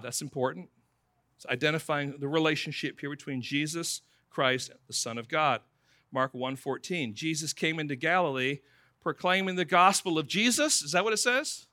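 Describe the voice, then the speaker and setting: A man's voice: sits high, bright, forceful tone, dry recording. A man preaching a sermon in a conversational way, calling his listeners friends. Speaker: pastor.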